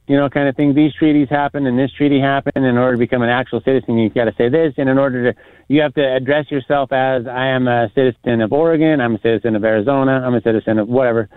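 A man's voice: mid-range voice, smooth, no echo. Rambling man telling stories, phone-like sound. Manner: rambling, many restarts and fillers, acts out quotes. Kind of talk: casual storytelling chat.

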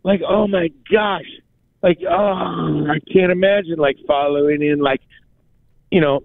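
Animated, high-voiced man on a phone line. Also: measured pace, vocal fry, no echo. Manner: animated storyteller, acts out quotes, says "like" and "bro" often. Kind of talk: casual chat. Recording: dry, phone-like sound.

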